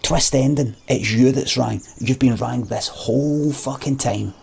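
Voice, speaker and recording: A man's voice: medium pitch, measured pace, creaky, darkish tone, slightly rough. A young Scottish man with a strong Scottish accent, ranting emphatically and mockingly with plenty of swearing. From Scotland. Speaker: streamer. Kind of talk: ranting monologue.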